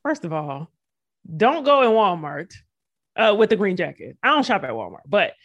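A woman's voice: medium pitch, very animated, normal speed, highs cut off. A woman co-hosting a casual sports podcast, chatty and digressive, joking as she goes. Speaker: podcast co-host.

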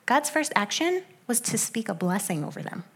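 A young adult woman giving a sermon in a conversational way, with animated asides that drop into soft, hushed stretches. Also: a little high, moderate pace, vocal fry, husky.

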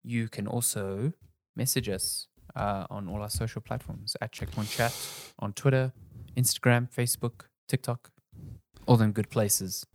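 A man's voice: lowish voice, fairly even intonation, a little slow, darkish tone. A man co-hosting a casual podcast, easygoing and thinking aloud as he talks. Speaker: podcast co-host. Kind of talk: casual chat.

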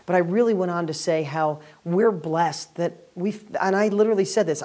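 A man hosting a weekly video and speaking to camera as a real estate educator, giving an energetic, upbeat motivational talk. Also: high voice, normal speed, few pauses.

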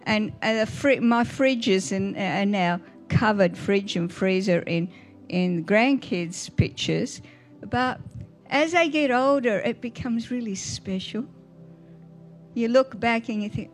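Older woman, preacher, chatty sermon, higher pitch, faint music under. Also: lively intonation, unhurried. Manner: warm, chatty, asks the audience questions.

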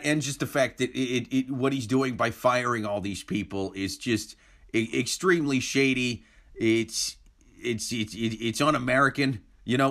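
A man's voice: medium pitch, a bit bright. A man co-hosting a podcast, talking politics in a loose, profane, joking way with frequent restarts. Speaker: podcast co-host. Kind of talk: casual political chat.

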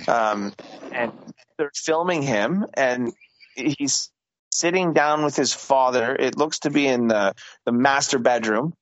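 A man's voice: medium pitch, no echo. A man from Canada rambling through a story in casual, profane podcast banter, with many restarts. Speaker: podcast co-host. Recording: dull lo-fi dry sound.

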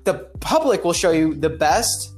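A man's voice: fairly high pitch, sing-song, measured pace, darkish tone, soft background music. A man appearing as a podcast guest, talking casually in a rambling, opinionated way and often restarting his sentences. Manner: rambling, opinionated, self-interrupting.

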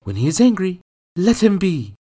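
A man voicing an anxious, frightened mother in a high, strained falsetto, speaking slowly and pleadingly. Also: big pitch swings, warm tone, husky, heavily acted. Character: anxious frightened mother, middle-aged woman.

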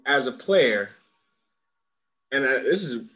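A man hosting a casual podcast chat, relaxed, steering the segments and reading out listener questions. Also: medium pitch, slow. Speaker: podcast host.

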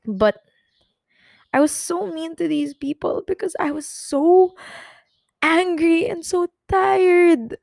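A woman's voice: very high voice, slow pace, gravelly, long pauses, darkish tone, no echo, studio quality. A young woman hosting her own podcast, talking in an emotional, rambling way, tearful at times. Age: young adult. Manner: emotional, rambling, with many restarts and fillers. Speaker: podcast host. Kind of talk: personal confessional chat.

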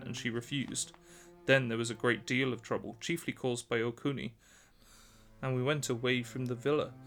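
A man's voice: medium pitch, lightly acted. A man voicing an eager, chattering maidservant. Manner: excited, talkative, pleading. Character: young woman servant, devoted and voluble. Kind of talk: storybook reading.

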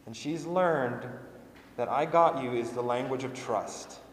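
A man's voice: medium pitch, takes it slowly, slight background noise. A young man, a pastor, preaching a sermon in an earnest, conversational way and repeating phrases for emphasis. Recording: echoey hall with long reverb.

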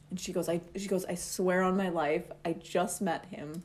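A woman's voice: fairly low pitch, normal speed. Laughing woman telling a wild story. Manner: animated, laughs often while telling the story. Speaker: guest telling a personal story. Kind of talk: casual storytelling chat.

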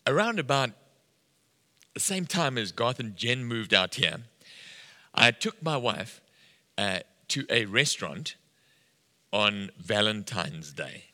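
A man's voice: fairly low pitch, sing-song, takes it slowly, pauses often, bright, forceful tone. A middle-aged man preaching a sermon, telling a story and acting out the dialogue with animation. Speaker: pastor. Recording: long hall reverb.

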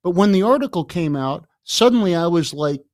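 Older male guest, raised near Chicago, spins animated stories with frequent chuckles, slightly high voice, dry close mic. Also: a little fast, no room sound. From Chicago area, USA. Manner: lively, laughs often, repeats words. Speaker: guest, author. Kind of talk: anecdotal storytelling in a podcast interview.

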